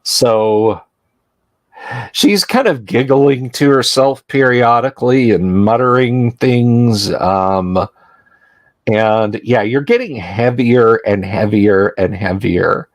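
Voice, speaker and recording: A man narrating a tabletop horror game as game master. He speaks slowly and deliberately, pausing on fillers. His voice sounds dry and close. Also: mid-range voice, dry recording.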